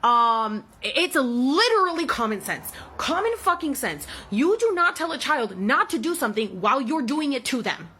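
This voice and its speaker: A woman in her thirties tells a personal story in a heated, emphatic rant. Her voice sits a little high with a husky, breathy edge. She swears often and hammers each point. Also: sing-song, moderate pace, hardly any pauses, sharp tone. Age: 30s. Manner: angry, emphatic, swears heavily. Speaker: vlogger.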